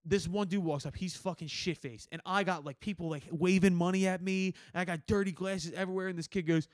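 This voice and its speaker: Young man, high voice, dry close sound, swears a lot, acts out quotes in a casual podcast chat. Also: steady tone, fast, few pauses, no room sound. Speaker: podcast host.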